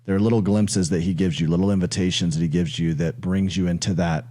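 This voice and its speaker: Male host, very low warm voice, dry sound, calm reflective questions. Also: quick pace, no echo. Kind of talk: faith interview, reflective questions.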